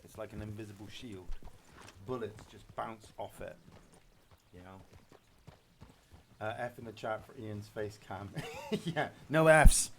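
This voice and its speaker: A male streamer chatting casually while gaming, retelling a film scene with animated emotion. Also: lowish voice, a little hiss or hum.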